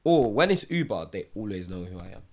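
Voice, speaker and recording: A man chatting casually in a relaxed, slangy way. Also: on the low side, fast talker. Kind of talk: casual chat.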